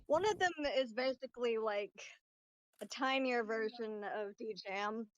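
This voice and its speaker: A woman's voice: on the high side, unhurried, dry recording. A woman player in a tabletop game chatting casually and describing characters in detail.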